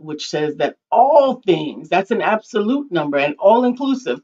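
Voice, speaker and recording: A woman's voice: sits low, darkish tone. A woman co-hosting an online talk show, reflecting thoughtfully on a story and quoting scripture. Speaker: podcast co-host. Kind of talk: reflective conversation. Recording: dull lo-fi stream audio.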